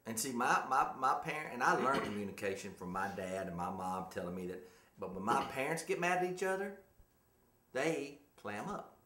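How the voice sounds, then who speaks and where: A man's voice: mid-range voice, big pitch swings, normal speed, bright, forceful tone, roomy sound. A man in his forties co-hosting a casual talk show, rambling and chatty and laughing often. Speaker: co-host. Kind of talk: casual chat.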